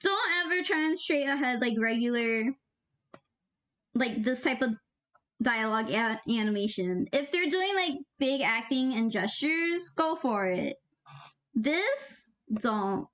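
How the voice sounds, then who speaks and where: High-voiced young woman rambling casually. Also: expressive, slow pace, a bit bright. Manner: rambling, jokey, gives offhand tips. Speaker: animator. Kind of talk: casual commentary while working.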